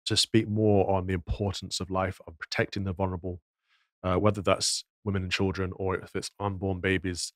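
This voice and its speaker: A man's voice: low-pitched, little pitch movement, a little fast, no room sound. A man giving indignant, moralizing commentary on news clips, full of rhetorical questions. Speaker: podcast commentator.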